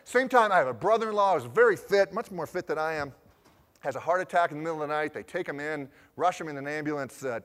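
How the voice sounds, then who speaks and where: A man in his forties giving a talk, telling lively stories and acting out the conversations he recounts. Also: a little high. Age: 40s. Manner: lively anecdotal storytelling, acting out the dialogue he recounts. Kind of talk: storytelling talk. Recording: long hall reverb.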